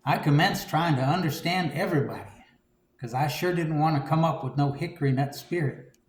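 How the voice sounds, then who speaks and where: A man giving a conversational homily, relaxed and reflective, with frequent "you know" and "um". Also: fairly high pitch, a little fast, reverberant. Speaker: preacher.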